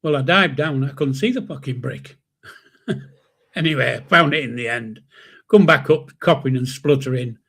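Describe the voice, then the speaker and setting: A man's voice: mid-range voice, normal speed, vocal fry, fairly bright tone, husky. An older man hosting a live stream, telling a story in a rambling, chuckling way with mild swearing. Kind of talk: casual storytelling.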